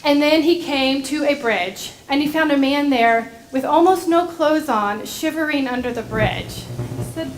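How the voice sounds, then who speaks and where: A woman gently telling a story to children during a church service. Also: sits high, a little slow, few pauses, a little hiss or hum. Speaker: director of religious education. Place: church sanctuary.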